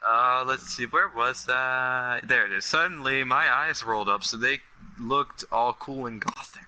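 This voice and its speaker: A man's voice: medium pitch, unhurried, sharp tone, a little hiss or hum, low-quality recording. Man giving a sarcastic comic reading. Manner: sarcastic asides between lines. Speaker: reader and host. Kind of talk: comedic dramatic reading.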